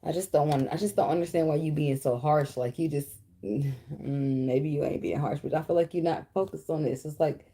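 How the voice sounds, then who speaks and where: A woman's voice: low-pitched, dark tone. A woman, giving a casual, blunt tarot reading full of swearing and chatter to the cards. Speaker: tarot reader.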